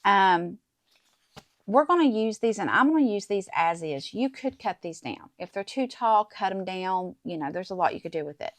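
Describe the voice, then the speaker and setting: In an expressive mid-range voice at normal speed, a middle-aged woman runs a casual crafting tutorial at her desk. She keeps up a chatty stream of talk to viewers while working, often saying "guys" and "okay?"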